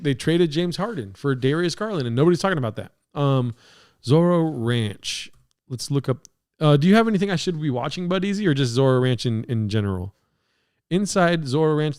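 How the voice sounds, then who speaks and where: A man's voice: a little high, darkish tone, smooth. A man hosting a podcast livestream from his apartment, rambling, swearing and laughing as he reads chat comments. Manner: rambling, profane, laughing a lot. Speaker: podcast host. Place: home apartment studio. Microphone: podcast mixer setup.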